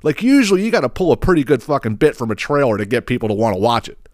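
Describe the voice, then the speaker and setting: A man's voice: medium pitch, big pitch swings, fast talker, darkish tone, dry recording, studio quality. A man hosting a podcast, ranting in a blunt, profane, exasperated way. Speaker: podcast host. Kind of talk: casual ranting commentary.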